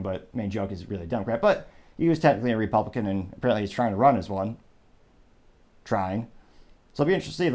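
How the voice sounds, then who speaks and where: On his solo political commentary show, a man talks conversationally, tossing in sarcastic asides and frequently digressing. His voice sits in the mid range with a darkish tone.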